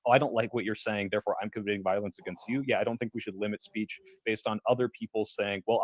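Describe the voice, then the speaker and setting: An American man with a lowish voice who talks quickly through his reasoning on a live panel. His sound is close and dry, and he pads his arguments with fillers while staying measured. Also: dry recording. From United States. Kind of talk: casual debate.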